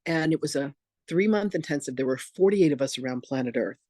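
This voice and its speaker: A man and reverend teaching in an online masterclass, telling personal stories in a candid, animated, casual way. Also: fairly high pitch, a little fast, dry recording, studio quality. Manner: animated, acts out quoted voices, casual and candid.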